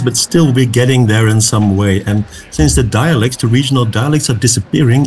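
A man's voice: mid-range voice, a little mellow, rough recording. A man, a researcher guest on a radio panel, speaking thoughtfully with hesitant ums.

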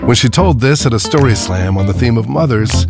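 A man hosting, reading a calm, measured scripted introduction. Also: mid-range voice. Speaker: host. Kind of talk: scripted narration. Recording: narration over loud music. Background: guitar music and crowd sound.

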